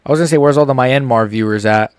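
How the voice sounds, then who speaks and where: Young male streamer with hiccups, casual slangy chat, close dry mic, mid pitch. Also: fast, clean tone, no echo. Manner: reads chat aloud, laid-back slangy banter. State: has the hiccups. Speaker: streamer reacting live to fights.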